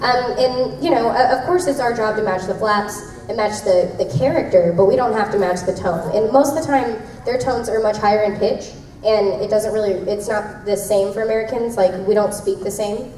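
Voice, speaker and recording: A woman's voice: mid-range voice, moderate pace, few pauses, darkish tone, distant mic, a little hiss or hum. A young woman voice actress answering fan questions at a convention panel, chatty and laughing often as she tells stories. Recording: echoey hall, mic heard from afar.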